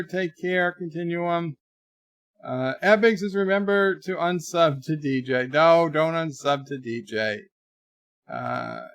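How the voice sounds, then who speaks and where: A man's voice: a little high, no room sound. A man hosting a live stream, reading viewers' chat messages aloud in a rambling, chatty way. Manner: chatty, rambling, trails off quietly.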